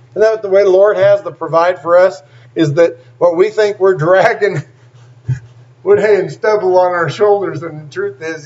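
A man preaching a sermon, reading scripture aloud and stopping often to add plain, emphatic comments. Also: high-pitched. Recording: dull lo-fi recording.

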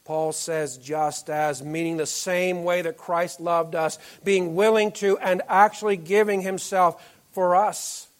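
A male pastor giving an earnest sermon to a congregation, often dropping to soft, low tones on key phrases. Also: steady tone, slow pace.

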